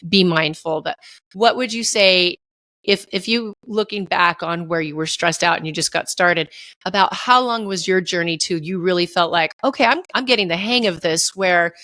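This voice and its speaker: A woman hosting a casual interview podcast, telling relatable stories from her own family life in a chatty, easygoing way. Her voice is bright and forward, recorded close and dry with no room sound. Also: lowish voice, dry recording. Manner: chatty and relatable, tells personal parenting stories. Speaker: podcast host.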